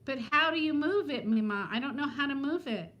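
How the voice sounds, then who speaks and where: A woman's voice: sits high, expressive, brisk, a bit bright, highs cut off. Chatty fifties woman on a live stream. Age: 50s. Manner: chatty, talks to viewers by name, frequent laughs. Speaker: vlogger hosting a live stream. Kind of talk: casual live-stream chat.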